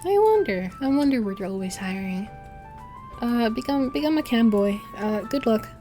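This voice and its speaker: On her livestream, a woman VTuber talks at normal speed in a dark-toned voice on the high side, with soft background music. She rambles casually, swears a lot, and laughs between thoughts.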